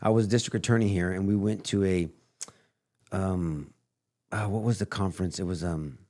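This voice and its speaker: A man's voice: low-pitched, fairly even intonation, normal speed, a little mellow. A man hosting a podcast, telling stories bluntly in casual chat and trailing off with fillers as he recalls details. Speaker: podcast host, former district attorney.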